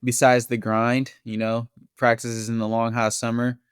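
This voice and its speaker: A man's voice: mid-range voice, moderate pace, smooth, dry recording, studio quality. Easygoing man telling a running story. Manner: relaxed storyteller, laughs easily. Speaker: guest marathon runner. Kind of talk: casual interview chat.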